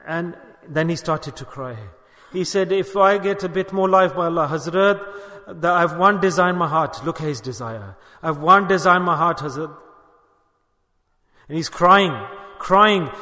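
High-voiced guy preaching, bright tone, lots of hall echo. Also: normal speed. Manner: storytelling, exhorting, mixing Urdu and Arabic religious terms. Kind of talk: sermon. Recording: long hall reverb.

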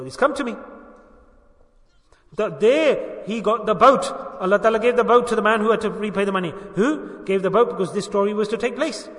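A male preacher with a high, ringing, bright voice delivers a sermon, firing questions at his listeners and answering them himself. The sound is echoey and comes from a distance across a large hall. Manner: asks the audience questions and answers them himself, urges them to say it loudly. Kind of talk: religious sermon with call-and-response.

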